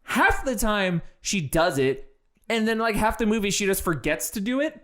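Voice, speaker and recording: A man's voice: high-pitched, sing-song, normal speed, fairly bright tone. A man co-hosting a casual movie review, blunt and exasperated, swearing freely as he rants.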